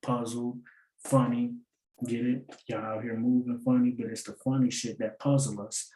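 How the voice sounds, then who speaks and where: Male host, casual lyric-breakdown commentary, mellow tone, echoey room. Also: medium pitch, level tone, moderate pace. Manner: explains by repeating lines and asking "get it?"; loose and slangy, laughs at his own points. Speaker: battle rap breakdown host.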